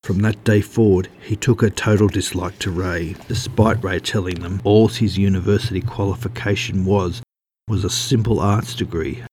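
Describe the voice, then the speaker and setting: A man narrating an audiobook in a steady, measured read. His voice sits low and deep, and a faint hiss of noise runs underneath.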